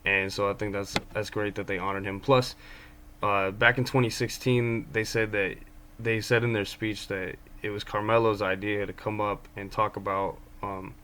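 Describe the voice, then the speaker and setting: A man's voice: fairly low pitch, level tone, moderate pace, bright, forceful tone, slight background noise. A man giving casual basketball commentary as a fan of his team, rambling with many ums and restarts. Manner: fan talking about his own team.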